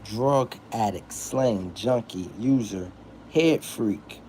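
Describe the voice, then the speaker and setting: A man hosting a livestream, reading lists of words aloud slowly and deliberately, with casual asides. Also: fairly low pitch, a little mellow, slight background noise. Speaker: livestream host.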